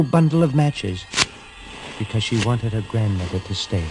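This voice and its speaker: A man telling a fairy tale in a gentle, dramatic storytelling reading with hushed pauses. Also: fairly low pitch, animated. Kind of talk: scripted narration of a fairy tale. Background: music.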